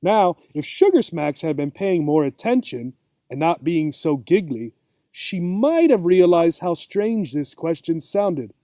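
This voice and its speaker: Man, storybook narrator, expressive, lively delivery, dry close recording. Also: a little high, a little slow, no echo. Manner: expressive, asks the listener questions. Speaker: storybook reader for English learners.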